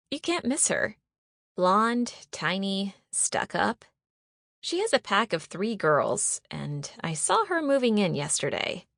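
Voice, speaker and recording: A woman's voice: fairly low pitch, gravelly, no room sound, clean studio sound. A woman voicing a friendly, chatty teenage schoolgirl who talks eagerly and confidingly in an audiobook. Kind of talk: audiobook character voice.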